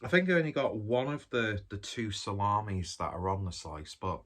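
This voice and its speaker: A man's voice: fairly low pitch, normal speed, fairly bright tone. A man, chatting casually while reviewing and eating a pizza, rambling from one aside to the next. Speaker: food reviewer. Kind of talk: casual food review vlog.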